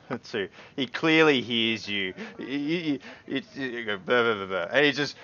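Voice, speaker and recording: A man's voice: mid-range voice, a little slow. A man narrating as game master, telling the scene with frequent laughs. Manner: laughing often, animated storytelling. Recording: dull lo-fi stream audio.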